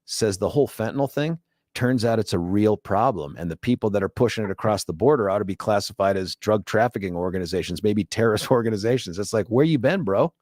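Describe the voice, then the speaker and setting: A middle-aged man with a low voice hosts a radio talk show, trading jokes and laughing easily as he tells stories. The studio mic sounds close and completely dry. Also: fast, no room sound. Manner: joking, laughs often, animated storytelling. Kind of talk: casual radio banter. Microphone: studio microphone.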